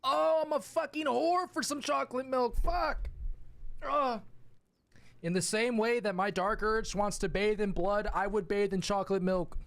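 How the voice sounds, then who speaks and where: A hoarse young man chatting casually and crudely while streaming a game, joking at his own expense. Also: high-pitched, measured pace, a bit bright, no echo. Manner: profane, joking, self-mocking. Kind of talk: casual live gaming stream chat.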